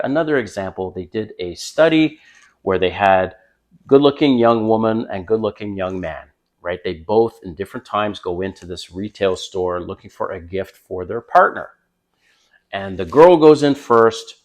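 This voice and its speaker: Blunt older man with a lowish voice. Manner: blunt, opinionated and emphatic. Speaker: dating advice vlogger. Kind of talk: casual advice monologue to camera.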